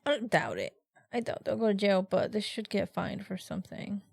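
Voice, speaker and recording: Gravelly-voiced woman giving blunt verdicts. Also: medium pitch, normal speed, no room sound. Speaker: podcast co-host. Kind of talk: casual chat.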